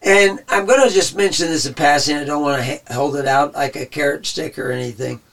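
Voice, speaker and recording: A man's voice: a little high, steady tone, fairly quick, fairly bright tone, distant mic. A man giving casual, rambling Bible teaching in a conversational way, his voice wearing thin. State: losing his voice.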